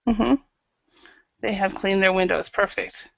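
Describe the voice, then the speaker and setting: A woman's voice: mid-range voice, fairly even intonation, a little slow, vocal fry, a bit bright, no room sound, highs cut off. A woman teaching an online English grammar class, patiently calling on students by name and correcting their answers.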